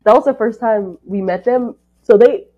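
A young woman co-hosting a podcast, chiming in with quick, teasing remarks in casual chat. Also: on the high side, dull audio, a little hiss or hum. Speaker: podcast co-host.

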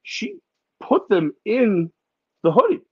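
A man co-hosting a podcast, telling funny stories in a casual, animated way and sometimes putting on voices. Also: sits high, slow, breathy edge, no room sound, lo-fi sound. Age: adult with a daughter. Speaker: podcast co-host. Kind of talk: casual chat.

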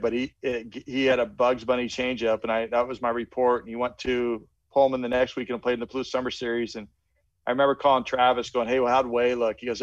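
A man's voice: mid-range voice, no room sound. A middle-aged man, a veteran baseball coach from the Pacific Northwest, telling recruiting stories in an interview and acting out the dialogue. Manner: animated anecdotes, acts out quoted dialogue. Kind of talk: storytelling interview answer. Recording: dry, dull lo-fi podcast audio.

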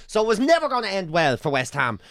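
A man's voice: high voice, quick pace, no room sound, studio quality. Irish man swearing through a story. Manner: animated storytelling, swears often, breaks into chants. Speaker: podcast co-host. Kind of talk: casual chat.

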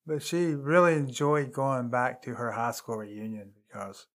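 An older man from Charlotte, North Carolina, talks in a relaxed, easygoing way. His voice sits in a middle pitch, and he drops in "you know" as he reminisces. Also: a little slow. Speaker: guest, host's father. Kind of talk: casual chat.

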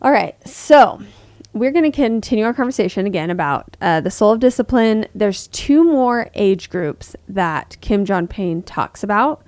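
A woman's voice: medium pitch, animated, normal speed, a little mellow, no room sound. Chatty woman podcast co-host, dry sound. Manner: chatty, acts out quoted voices. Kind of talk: casual parenting podcast chat.

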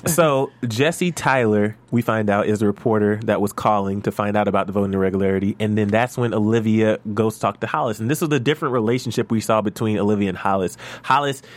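A man hosting a casual recap chat, talking animatedly with frequent restarts and bursts of excitement. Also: lowish voice, fast, few pauses. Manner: animated, gushing, restarts often. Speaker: podcast host.

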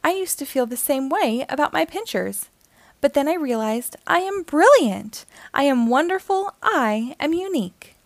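A woman's voice: sits high, animated, normal speed, dry recording, pitched above the performer's own voice. A woman voicing a proud, cheerful male beetle artist who boasts enthusiastically about his work in a storybook reading. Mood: earnest.

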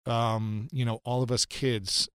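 A man's voice: medium pitch, level tone, measured pace, clean tone, dry recording. A man in his thirties, a podcast guest, telling a personal story in an earnest, reflective way and repeating phrases for emphasis. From United States.

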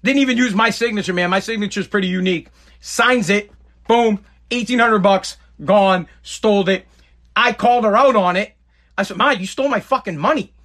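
A man telling a personal story in a blunt, profane, animated way. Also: sits high, moderate pace.

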